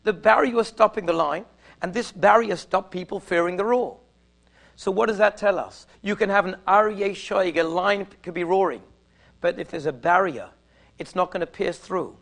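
A man giving a storytelling sermon in Orthodox Jewish English, animated and slowing down to stress his points. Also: sits high, creaky. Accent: Orthodox Jewish English with Yiddish and Hebrew words. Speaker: rabbi giving a talk.

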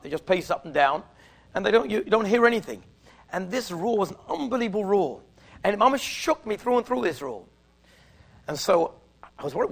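A man giving a storytelling sermon in Orthodox Jewish English, animated and slowing down to stress his points. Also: high-pitched, gravelly. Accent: Orthodox Jewish English with Yiddish and Hebrew words. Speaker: rabbi giving a talk.

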